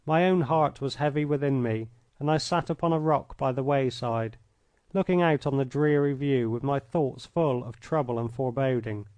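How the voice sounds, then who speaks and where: A man reading an old adventure story aloud in the first person, measured and expressive, close to a studio mic. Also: medium pitch, dry recording. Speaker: audiobook narrator.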